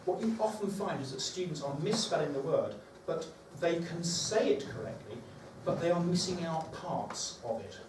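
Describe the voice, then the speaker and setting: A man's voice: fairly high pitch, lively intonation, moderate pace, hardly any pauses. Man giving a workshop in an echoey room. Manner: conversational, thinking aloud with fillers. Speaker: teacher trainer. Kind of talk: workshop talk to teachers. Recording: echoey room, far from the mic, background noise.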